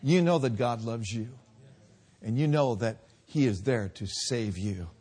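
A man preaching a sermon, swinging between loud drawn-out peaks and quiet low lines. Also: breathy edge.

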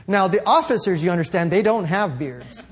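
A male preacher telling a story in a sermon, rambling and correcting himself, building up to shouts. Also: high voice, animated, normal speed, background noise.

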